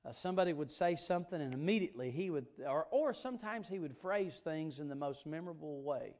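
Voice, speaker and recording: A man's voice: fairly high pitch, animated, fast talker, a little mellow. A man preaching an evening church sermon, earnest and emphatic, stressing and repeating key words.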